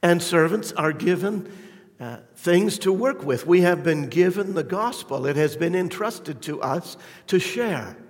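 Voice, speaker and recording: Slow, fervent male preacher in a reverberant hall. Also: sits high, lively intonation. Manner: fervent, rising to emphatic peaks then dropping quiet. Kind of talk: sermon.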